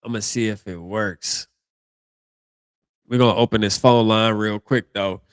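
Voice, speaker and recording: A man's voice: lowish voice, steady tone, measured pace, smooth, no room sound, clean studio sound. A man hosting a live reaction stream, talking casually in slang and thinking aloud as he goes.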